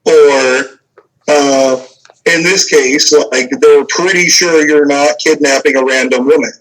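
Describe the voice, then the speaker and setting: A man's voice: a little high, fairly even intonation, slow, a bit bright, poor audio. A young man narrating a tabletop game as game master, casual and hesitant, full of fillers.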